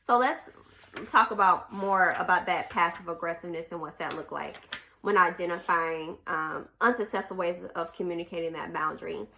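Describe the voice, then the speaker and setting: Lady hosting a podcast, clear bright voice, chatty, reading bits of a book and talking to y'all. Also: lowish voice, normal speed. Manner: chatty, addresses listeners as y'all, reads passages aloud. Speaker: podcast host. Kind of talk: casual chat reading from a self-help book.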